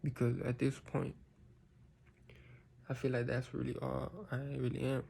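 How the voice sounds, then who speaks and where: A man's voice: medium pitch, completely flat delivery, a little slow, gravelly, dark tone, breathy edge. A man talking casually and reflectively to his viewers, rambling with many fillers like "you know" and "like". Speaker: vlogger. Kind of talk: casual personal talk to camera.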